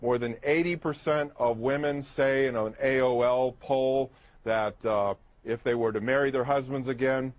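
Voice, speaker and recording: A man's voice: mid-range voice, fairly even intonation, moderate pace, lo-fi sound. A man arguing heatedly on a TV debate panel, talking over the others and reeling off statistics to press his point. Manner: combative, talks over others, rattles off statistics. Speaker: opinionated TV panel guest.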